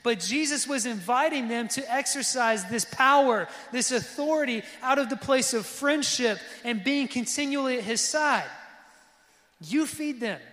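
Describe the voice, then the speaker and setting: High-voiced preacher man in a reverberant hall. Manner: lively preaching, asks the crowd for response. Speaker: pastor. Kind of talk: sermon.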